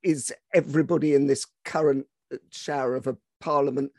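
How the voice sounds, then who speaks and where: A man's voice: medium pitch, fairly even intonation, normal speed, darkish tone, dry recording, studio quality. A man hosting a podcast interview, thoughtfully picking up and building on his guest's points. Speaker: podcast host. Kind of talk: conversational interview.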